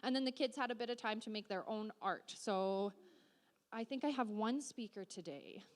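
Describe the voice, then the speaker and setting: A woman's voice: fairly high pitch, normal speed, long reverb tail. Upbeat woman giving church announcements. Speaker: children's program leader.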